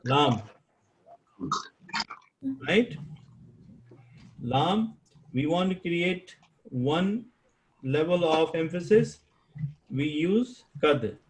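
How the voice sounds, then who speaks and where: A man teaching an online Arabic grammar class over a video call, slow and patient, repeating key terms and quizzing his students. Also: a little high, animated, slight background noise, rough recording. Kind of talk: live online class lecture.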